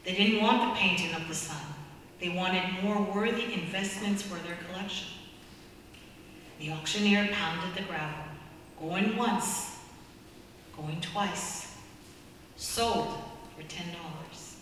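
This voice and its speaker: A woman preacher with a bright voice who tells a story in a steady sermon style. She is heard from a distance in a large hall with a long reverb. Faint noise sits underneath. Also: lowish voice, slow pace, long pauses. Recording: echoey hall from far off.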